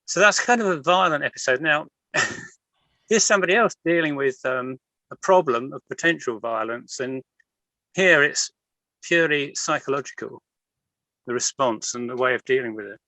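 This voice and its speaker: Bright-voiced man reading poems. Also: medium pitch, normal speed, no room sound, rough recording. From Liverpool, England. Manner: expressive storytelling reading. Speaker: guest poet and artist. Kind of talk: reading his own poems aloud.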